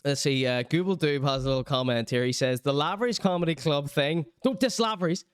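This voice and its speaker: A man's voice: medium pitch, brisk, clear, resonant tone, no echo, clean studio sound. A man hosting a podcast, chatting casually and laughing often while he comments on clips. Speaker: podcast host.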